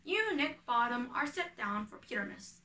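A woman reading the part of a fussy male carpenter who directs a village play, handing out names and parts in order, with a bright voice in an echoey room. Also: on the high side, sing-song, normal speed, recorded from a distance. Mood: bossy. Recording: echoey room, away from the mic.

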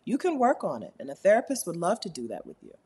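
A woman with a low, slightly husky voice hosts a relaxed live stream, answering viewer comments. Her pitch rises and falls with animation as she laughs easily and repeats her key points for emphasis. The delivery is informal and chatty. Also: fast. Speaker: YouTube host answering live chat. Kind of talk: casual live-stream chat.

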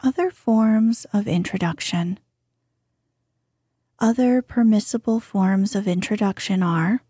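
A woman narrating a bedtime story in a soft, hushed voice that at times drops to a whisper. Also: mid-range voice, slow, breathy edge, dry recording, studio quality. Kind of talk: slow soothing bedtime reading.

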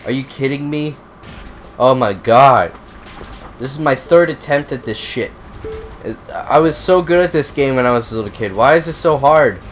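A man's voice: medium pitch, normal speed, soft background music. Young man with a cold, swearing gamer. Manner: profane, excitable, rambling. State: has a cold, coughing. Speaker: gaming video host. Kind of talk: casual gameplay commentary.

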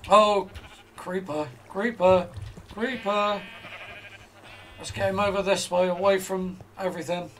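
A man's voice: high-pitched, steady tone, a little slow, pauses often, a bit bright, slight background noise. A man giving casual commentary as he plays a game, thinking aloud to himself. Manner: chatty, thinks aloud while playing. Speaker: let's play host.

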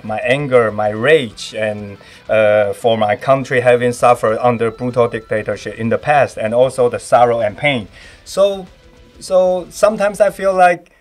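This podcast guest, a Taiwanese man with Taiwanese Hokkien as his first language and a Taiwanese accent, talks in a medium-pitched voice. He chats casually but haltingly, using lots of fillers as he searches for words.

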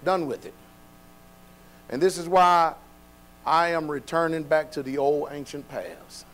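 A man preaching a sermon, dropping to quiet, low passages and then building to loud, shouted exhortation. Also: fairly even intonation, unhurried, poor audio.

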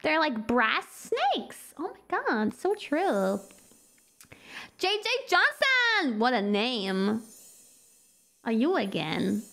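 A woman's voice: high-pitched, wildly swooping pitch, drawn-out words, vocal fry, long pauses, a bit bright. A young woman streaming a game, gasping and reacting playfully as she reads in-game text aloud.

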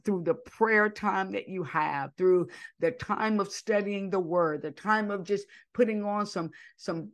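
A middle-aged woman hosting a devotional podcast, preaching with fervent cadence that sometimes drops to an emotional whisper. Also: fairly low pitch. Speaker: podcast host and minister.

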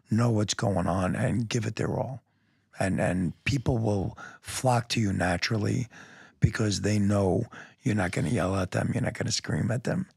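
Middle-aged man, police lieutenant; husky low voice, blunt and emphatic, candid storytelling. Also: dry recording, clean studio sound. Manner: emphatic, blunt, frequent "man" and "you know", repeats words.

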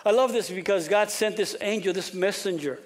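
A pastor preaching an animated sermon, often repeating words and dropping to a whisper for emphasis. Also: male voice, sits high, a little fast. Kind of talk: expository sermon.

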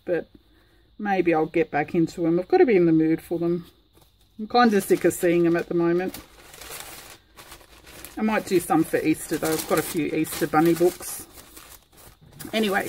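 A woman talks through a crafting project in a casual vlog. She rambles in a chatty way, filling gaps with ums, at a middling pitch. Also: darkish tone, slight background noise, poor audio. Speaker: craft vlogger.

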